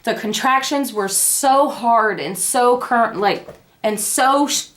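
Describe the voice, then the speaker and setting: A young woman casually telling her family the story of a birth, acting out the quoted lines. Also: slow pace. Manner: animated, acts out the quoted lines in a high voice. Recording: echoey room.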